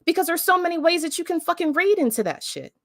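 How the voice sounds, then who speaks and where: A woman's voice: very high-pitched, very animated, fast, dry recording, studio quality. A woman hosting a live stream, talking bluntly and emphatically with heavy swearing in casual commentary. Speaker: livestream host.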